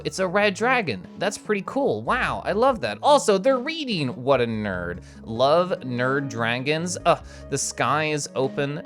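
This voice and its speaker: Here a young adult livestreamer, medium in pitch, playfully and casually chats while sharing fan art. The mood is excitable, punctuated by the odd curse word and little growls.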